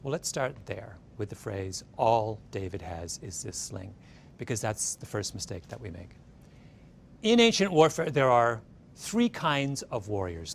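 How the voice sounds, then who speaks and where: A man retells a story in a lecture, with his pitch rising and falling freely. His delivery is animated, and he keeps checking in with his listeners with a quick "right?". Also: a little hiss or hum. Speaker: speaker giving a talk.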